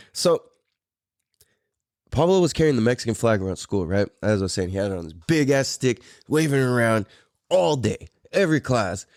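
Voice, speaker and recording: A man's voice: mid-range voice, very animated, moderate pace, a little mellow, no room sound, studio quality. Laid-back, profane man telling a story. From San Diego, Mira Mesa. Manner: laid-back, profane, laughs often, many fillers. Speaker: podcast host. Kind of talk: casual storytelling chat.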